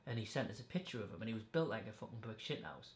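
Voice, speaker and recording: Male podcast host, blunt and sweary, mid-pitched, echoey room. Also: very animated, very fast. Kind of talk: casual chat.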